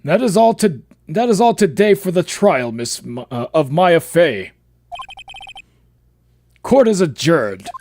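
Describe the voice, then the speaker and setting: A man's voice: on the high side, very animated, takes it slowly, long pauses, a little mellow, no echo, heavily acted. A man voicing a stern older male judge in a courtroom game, speaking formally. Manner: formal, gravely pronouncing.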